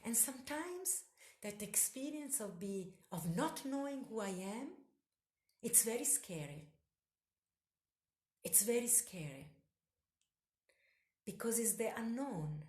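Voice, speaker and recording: A woman hosting a solo podcast, delivering a slow spiritual monologue with incantatory, repetitive phrasing. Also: a little high, lively intonation, darkish tone, roomy sound.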